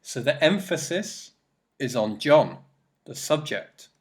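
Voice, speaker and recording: A man's voice: fairly high pitch, expressive, slow pace. A man teaching an English grammar lesson in a recorded presentation, explaining step by step and repeating his examples.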